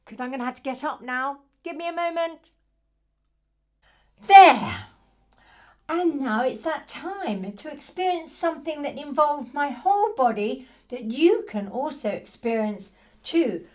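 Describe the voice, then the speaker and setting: A middle-aged woman, an early years music teacher, demonstrating baby music activities in a gentle, playful, sing-song way. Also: high voice, lively intonation, unhurried.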